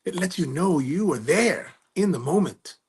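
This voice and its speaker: An American man hosts a cigar review livestream, chatting casually, reading viewer comments, and rambling through stories with plenty of self-corrections. His voice sits on the high side with lively intonation and a moderate pace. The tone is darkish and slightly rough.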